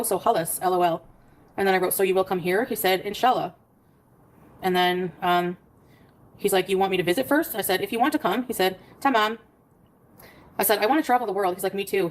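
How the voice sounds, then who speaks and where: A woman talking quickly on a casual livestream. She tells a long story and reads out a string of text messages along the way. Her voice sits at an ordinary middle pitch and keeps up a brisk pace. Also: steady tone, low-quality recording.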